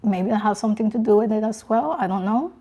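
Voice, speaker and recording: A young woman hosting a casual live stream, reading viewers' comments aloud and talking in a soft, emotional, halting way with many restarts. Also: mid-range voice.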